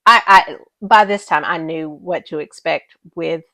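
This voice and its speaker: A woman's voice: sits low, measured pace, no room sound, clean studio sound. A woman co-hosting a podcast, telling stories in casual chat with mock exasperation. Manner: animated storytelling, mock-exasperated. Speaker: podcast co-host.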